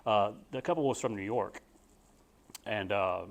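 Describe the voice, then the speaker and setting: A man's voice: on the low side, a little slow. A young man with a Texan accent, a real estate agent teaching a class in a folksy, rambling way with frequent restarts. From Texas. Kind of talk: casual spoken class talk.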